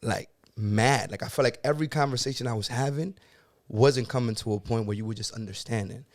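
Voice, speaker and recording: A man's voice: mid-range voice, brisk. A young man hosting a podcast, talking about anger and healing in an intense, emotional way and often repeating himself. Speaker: podcast host. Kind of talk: emotional casual talk.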